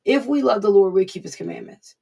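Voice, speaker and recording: A woman's voice: medium pitch, brisk, gravelly, mellow. A woman giving an informal devotional sermon in an earnest, repetitive, conversational way. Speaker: preacher.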